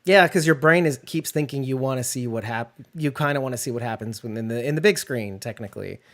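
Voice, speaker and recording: A man's voice: mid-range voice, fast talker, fairly bright tone. A man co-hosting a casual show reaction chat, rambling with many restarts and acting out lines he quotes. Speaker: podcast co-host.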